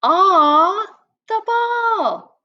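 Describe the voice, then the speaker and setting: A woman's voice: very animated, extremely slow, dull audio, exaggerated voice. Woman doing yelping cartoon soccer beginners. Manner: exaggerated high grunts and yelps. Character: grunting clumsy beginner soccer players, cartoonish.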